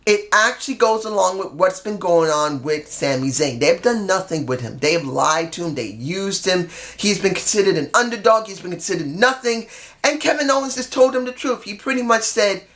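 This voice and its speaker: A man's voice: high voice, expressive, normal speed, fairly bright tone. A man giving a casual video review of a wrestling show in a rambling, jokey, self-deprecating way.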